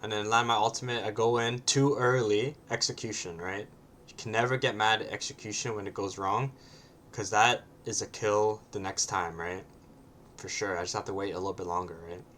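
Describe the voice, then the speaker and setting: Casual low-pitched guy talking through his game, keeps tacking on "right?". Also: fairly even intonation, moderate pace, fairly bright tone, slight background noise. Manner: casual, ends points with a questioning "right?". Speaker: gamer reviewing his own match. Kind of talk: casual gameplay commentary.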